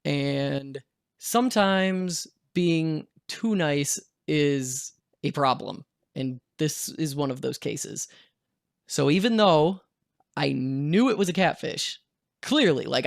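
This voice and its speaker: A man's voice: fairly high pitch, vocal fry, a bit bright, no echo, clean studio sound. A young man telling a story in a casual storytime vlog, acting out what people said. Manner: casual storytelling, acts out quotes. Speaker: vlogger.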